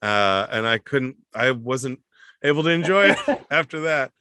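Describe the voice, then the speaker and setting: A man co-hosting a comedy podcast in casual chat, laughing often and breaking into quick impressions. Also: medium pitch, expressive, pushed and bright, smooth. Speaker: podcast co-host.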